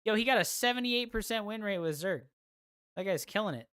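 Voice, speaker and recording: A woman's voice: medium pitch, lively intonation, fairly quick, a bit bright, clear, resonant tone. A woman streaming a game, chatting casually with her viewers in crude, profane, teasing banter. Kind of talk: casual gaming stream chat.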